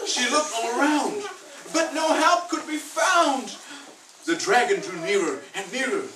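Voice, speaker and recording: A woman reads a rhyming storybook aloud at a slow, unhurried pace, her pitch rising and falling with lots of expression. She invites the children to join in, and she is heard from a distance in an echoey room with clear background noise. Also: expressive, crowd noise. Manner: playful, inviting listeners to join in. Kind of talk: reading a picture book aloud. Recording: echoey room, far from the mic, noisy.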